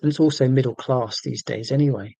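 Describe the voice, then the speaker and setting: A man in his forties with an English accent from near London, hosting a casual livestream and answering viewer comments in a monotone, deliberately clear way. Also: medium pitch, no room sound, highs cut off. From England, near London. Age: 40s. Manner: monotone, careful and deliberate about being clear. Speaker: livestream host.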